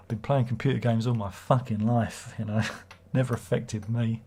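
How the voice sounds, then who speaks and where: A man's voice: mid-range voice, flat delivery, brisk, hardly any pauses, mellow, slightly rough. A man hosting a casual livestream, rambling and swearing as he reads viewer comments aloud. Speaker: livestream host.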